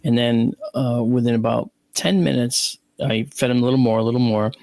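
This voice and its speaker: A man with a gravelly, creaky edge to his voice, a guest in an interview, spinning casual stories with plenty of restarts and repeated words. He acts out the voices of the people in his tales, and the sound is dry and close with no room echo. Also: mid-range voice, fairly quick. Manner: animated anecdotes, acting out his own and others' lines. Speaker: guest, astronomer and video analyst.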